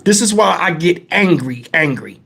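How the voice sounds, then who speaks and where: A man's voice: high-pitched, lively intonation, moderate pace, a bit bright. A middle-aged man, retelling a frustrating story in a heated, profane, emphatic vlog rant. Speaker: vlogger.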